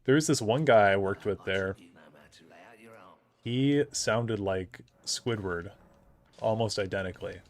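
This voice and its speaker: A man's voice: fairly low pitch, measured pace, pauses often. A young man streaming, telling a rambling anecdote about an old coworker and laughing often as he talks. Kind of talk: casual storytelling on a live stream.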